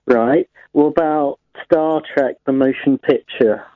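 A man's voice: a little high, steady tone, slow pace, no room sound. A man calling a radio phone-in, eager and argumentative. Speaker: caller. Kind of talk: phone-in chat. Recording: tinny phone line.

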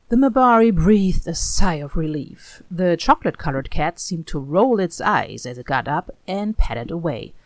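A woman narrating a story aloud in an expressive, animated reading style. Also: lowish voice, no echo.

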